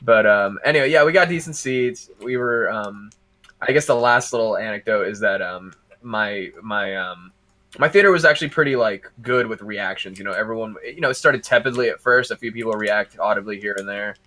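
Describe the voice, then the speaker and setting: A man on a podcast casually telling a story, animated and laughing through his own anecdotes. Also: on the low side, fairly quick.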